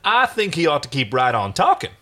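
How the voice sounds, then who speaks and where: A man's voice: a little high, wildly swooping pitch, fairly quick, sharp tone, pitched above the performer's own voice, full character voice. A man voicing a brash, mocking male space captain who taunts in a sing-song way. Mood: taunting.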